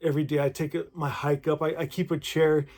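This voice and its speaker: A man talking warmly to his viewers and reading devotional poems aloud in a gentle, emotional, effusive way. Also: a little high, flat delivery, fairly quick. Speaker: spiritual vlogger. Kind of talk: heartfelt talk and poetry reading to viewers.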